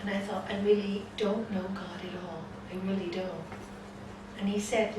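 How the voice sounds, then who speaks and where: A woman's voice: mid-range voice, moderate pace. A woman yoga teacher giving a spiritual talk, telling a story and acting out the voices in it. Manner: animated storyteller, acts out the voices in her story. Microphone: distant room mic. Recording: echoey hall from far off, noisy ambience.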